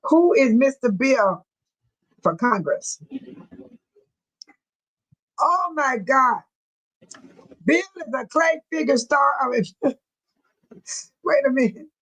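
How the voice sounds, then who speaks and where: A woman's voice: sits high, expressive, slow pace, long pauses, a bit bright, no echo, low-quality recording. An older woman hosting a casual livestream, chatting with her commenters and laughing often. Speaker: livestream host reading chat.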